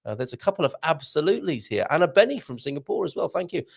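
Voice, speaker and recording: A man's voice: fairly high pitch, sing-song, fast talker, gravelly. A man hosting a casual live morning show, reading out viewer comments and chatting with a jokey manner. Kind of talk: casual live-stream chat.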